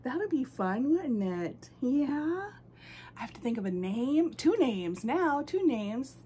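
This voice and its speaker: A woman hosting her doll channel, who gushes with excitement and coos to her dolls. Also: high-pitched, slow, slight background noise. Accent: American. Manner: gushing, excitable, lots of "oh my goodness"; baby talk to her dolls. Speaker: reborn doll channel host. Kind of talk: unboxing vlog chat.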